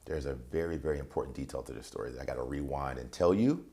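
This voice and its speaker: A man's voice: extremely low pitch, very fast, warm tone. A man, a transition coach and interview guest, tells a personal story in a vivid way and acts out the voices of the people in it. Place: TV interview set.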